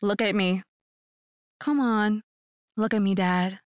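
A woman voicing a cold, sinister young man bound to shadows, speaking flatly and mockingly. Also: mid-range voice, slow pace, no room sound, studio quality, lightly acted.

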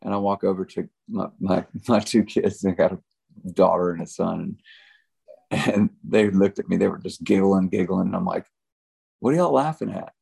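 A man's voice: low voice, little pitch movement, normal speed, creaky, a little mellow, husky. A middle-aged man, a country musician guest, telling stories in a laid-back, rambling way with lots of fillers. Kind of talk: casual storytelling chat.

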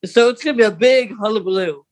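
A young man co-hosting a podcast, chatting casually in a rambling way with quick laughs. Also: high-pitched. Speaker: podcast co-host. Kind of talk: casual chat.

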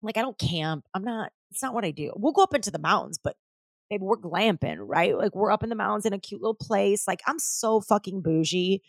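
A middle-aged woman talks through a casual solo podcast episode, loose and animated. She drops "like" constantly, swears freely and slips into other people's voices to act out what they said. Her voice sits at an ordinary pitch, recorded dry and close with no room sound. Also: brisk, vocal fry, no echo. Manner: chatty and animated, many "like"s and swearing, acts out others' lines. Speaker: podcast host.

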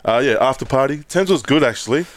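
A man's voice: medium pitch, quick pace, no echo. A man co-hosting a podcast, telling swearing-laced stories in casual chat and mimicking the people he quotes. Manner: swearing, animated storytelling with put-on quotes. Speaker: podcast co-host.

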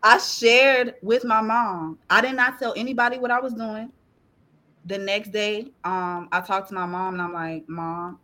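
Woman giving an emotional faith testimony. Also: fairly low pitch. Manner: animated, colloquial, laughing through tears. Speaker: podcast guest sharing a testimony.

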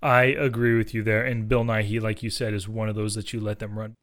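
A man's voice: lowish voice, little pitch movement, brisk, fairly bright tone. An American man co-hosting a casual film chat, enthusiastic and conversational. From United States. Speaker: podcast co-host discussing films.

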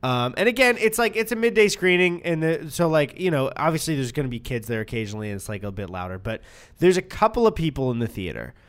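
A man's voice: a little high, fast talker. A young man co-hosting a podcast, telling a story in casual chat, swearing freely and acting out what people said. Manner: animated storyteller, acts out quotes. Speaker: podcast co-host.

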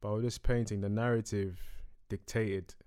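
Animated, slangy man with a smooth voice. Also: moderate pace, dry recording, clean studio sound. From Ghana. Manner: animated storyteller, slangy, drops to a low murmur when reflective. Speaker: guest artist. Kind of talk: casual interview chat.

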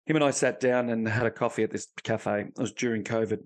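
A man's voice: lowish voice, fairly even intonation, fast talker. Blunt man telling stories. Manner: blunt, swearing, storytelling. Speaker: high performance coach. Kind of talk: casual podcast interview.

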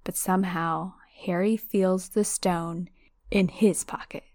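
A woman reading a novel aloud, slowing for the dramatic parts, then chatting casually about it. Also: lowish voice, dry recording. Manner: expressive, slows down for dramatic moments.

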